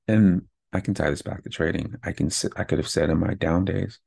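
Male podcaster, a father, gravelly low voice with a husky edge, close dry mic, motivational and candid. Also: flat delivery, moderate pace, few pauses, mellow, no room sound. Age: adult with kids. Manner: candid, pumped-up self-talk with frequent "right?". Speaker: podcast host.

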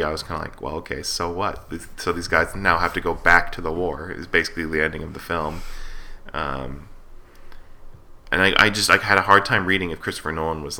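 A man's voice: low-pitched, bright, forceful tone. A young man in casual movie review chat, wry and joking, with many fillers. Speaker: podcast co-host.

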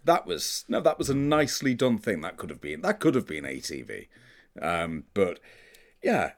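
A man's voice: low-pitched, wildly swooping pitch, normal speed. A man in casual chat, giving wry, emphatic opinions with dry humour.

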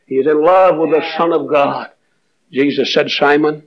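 An older preacher with a drawl delivers a revival sermon in a high, ringing voice. He tells his stories plainly, then climbs into fervent exhortation. The recording is muffled and dull, like an old sermon tape. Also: steady tone, moderate pace, slight background noise. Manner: storytelling, rising into fervent high-pitched preaching.

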